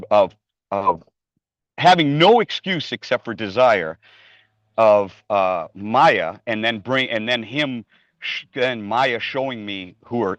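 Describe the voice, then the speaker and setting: A man's voice: lowish voice, fairly bright tone, dry recording, dull audio. A man casually sharing a personal story on a video call, rambling with restarts and acting out quoted speech. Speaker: class participant sharing a story.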